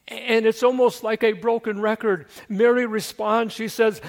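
A man's voice: sits high, steady tone, normal speed, vocal fry, hardly any pauses. A man preaching a sermon, telling a scripture story dramatically and asking his listeners questions. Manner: dramatic storytelling, acting out quotes; conversational, asks the listeners questions. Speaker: pastor.

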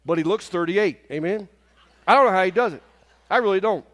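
A man in his fifties preaching a sermon in a church service, animated and often asking the congregation "Amen?". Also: high-pitched, a little fast, big-room sound. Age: 50s.

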